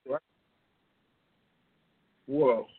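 A man hosting a casual call-in show from home, talking loosely and directly to his listeners over a phone. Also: extremely slow. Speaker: host. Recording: tinny phone-line sound.

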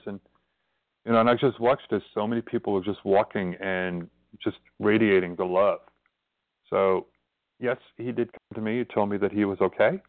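A man's voice: on the low side, fairly even intonation, moderate pace, no room sound. A man hosting his own spiritual radio show, talking casually and earnestly in a rambling, storytelling way. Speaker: radio host and spiritual reverend. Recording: tinny phone-line call-in audio.

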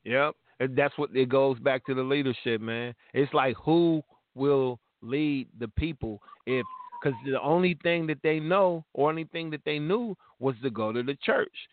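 A man's voice: medium pitch, a little slow, no room sound. A man in his fifties talking in a casual, slangy and emphatic way, fired up as he tells his stories. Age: 50s. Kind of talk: casual podcast chat. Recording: tinny phone-line sound, dry.

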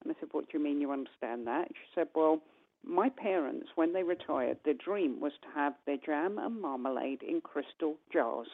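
A woman, a guest medium, telling a long personal story on a call-in radio show and acting out the dialogue with animated voices. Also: low-pitched, normal speed. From United Kingdom. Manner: animated, acts out quoted dialogue. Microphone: telephone. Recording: tinny phone line.

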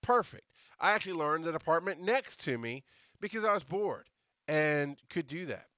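A man hosting his podcast, telling a story from his working life in a casual, animated way, cursing and restarting his sentences. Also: a little high, moderate pace, dry recording, studio quality. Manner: animated, profane, many restarts. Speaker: podcast host.

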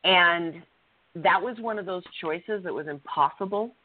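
A woman's voice: on the low side, a little slow. A middle-aged woman co-hosting a talk show, telling a personal story in an earnest, blunt way and swearing freely. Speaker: co-host. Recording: tinny phone-line audio.

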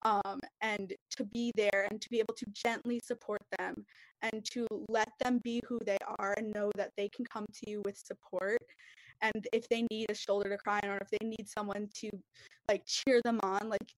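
A woman's voice: mid-range voice, little pitch movement, moderate pace, no room sound, low-quality recording. A young woman in a podcast group discussion, talking earnestly and rambling with lots of fillers. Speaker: podcast participant.

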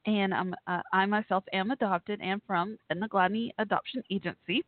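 A woman's voice: mid-range voice, steady tone, moderate pace, dry recording. A woman hosting a live call-in show from home, gushing and laughing often. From Texas. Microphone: home setup. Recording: tinny phone-like line.

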